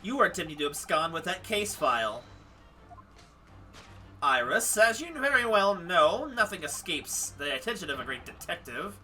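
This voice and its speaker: A man putting on a grandiose, theatrical gentleman detective who declaims every line with showy pomp. The voice sits a little high and leaps around, bright and sharp in tone. It is caught from a distance, with faint game music behind it. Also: sing-song, normal speed, full character voice. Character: flamboyant theatrical male consulting detective, grandiose. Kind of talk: voicing game dialogue on a stream.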